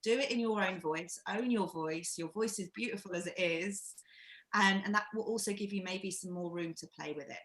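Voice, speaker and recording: A woman from England leading a live-streamed acting workshop, talking in an encouraging, reflective way with animated emphasis. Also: on the low side, normal speed, echoey room, rough recording. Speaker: workshop leader.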